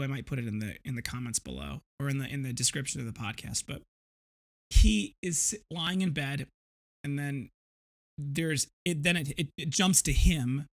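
A man in his thirties hosting a podcast, telling a rambling, vivid story with frequent restarts. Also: medium pitch. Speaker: podcast host. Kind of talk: casual storytelling monologue.

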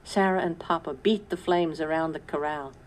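A woman reading a storybook aloud in calm, measured narration. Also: sits low, poor audio. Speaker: storybook reader. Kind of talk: scripted narration.

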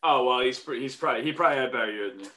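Bright-voiced teasing man. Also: medium pitch, racing. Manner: teasing, joking interjections. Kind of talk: casual chat.

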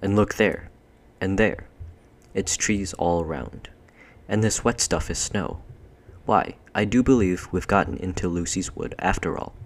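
Eldest boy, earnest and decent, brisk schoolboy talk, deep voice, as a male reader puts him on, storybook. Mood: eager.

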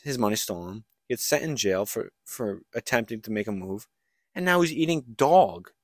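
A man's voice: lowish voice, animated, normal speed, no echo, studio quality. A young man co-hosting a podcast, casually recapping a book plot with lots of likes and restarts. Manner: rambling storyteller, many likes and restarts. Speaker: podcast co-host.

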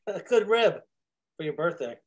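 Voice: mid-range voice, animated, moderate pace. An interviewer asking short, casual questions and making teasing remarks.

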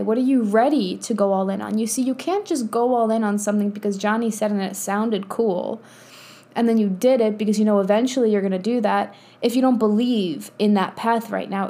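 With a mellow, mid-range voice, a woman in her thirties hosts her podcast as a spiritual coach. The monologue is casual and motivational, and she's blunt and profane, laughing often as she goes.

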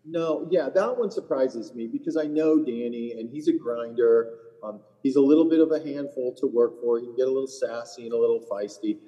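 A man's voice: medium pitch, brisk, dark tone, in a large hall, muffled recording. Blunt, profane middle-aged man. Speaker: PGA Tour caddie, podcast co-host. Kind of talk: casual podcast chat.

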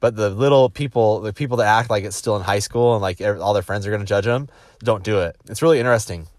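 Fast-talking and with a lowish voice, this executive tells personal stories in a laid-back motivational talk, bringing quoted people to life with his own impressions and often restarting his sentences. The recording is clean studio sound, echo-free.

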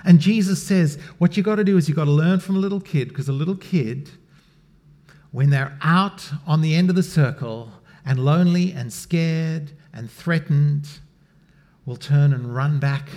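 Middle-aged pastor, fairly high voice, conversational sermon that drops to a near-whisper. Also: male voice, measured pace. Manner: conversational, swings from loud emphasis to near-whisper.

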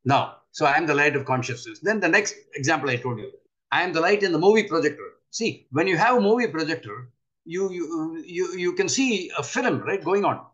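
An older man teaches with earnest conviction, his voice sitting a little high for a man. He keeps turning to his listeners with rhetorical questions. The recording is dull and lo-fi. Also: animated, brisk, fairly bright tone. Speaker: spiritual teacher. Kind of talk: spiritual talk.

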